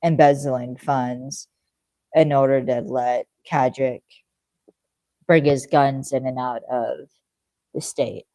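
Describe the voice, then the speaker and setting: Co-host for a fan podcast: mellow low-toned voice, dry close sound, loose rambling recap. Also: steady tone, slow, long pauses, no echo. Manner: rambling, lots of fillers, acts out characters' lines. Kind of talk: casual chat recapping a TV episode.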